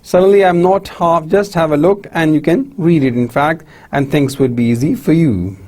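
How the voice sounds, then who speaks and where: A university lecturer with a Pakistani English accent speaks at normal speed in a slightly high, darkish voice. In this recorded pronunciation lecture he drills example words, asks "right?" after each set, and addresses his audience as "my dear students".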